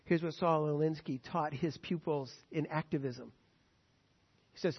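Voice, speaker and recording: A man's voice: fairly high pitch, a little slow, slightly rough. A man preaching a sermon with an emphatic, indignant delivery. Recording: echoey hall, dull sound.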